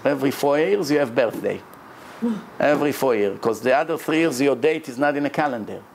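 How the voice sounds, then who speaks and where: A man's voice: medium pitch, a little fast, vocal fry, a little hiss or hum. A man, a rabbi who speaks natively, giving an emphatic religious lecture in English.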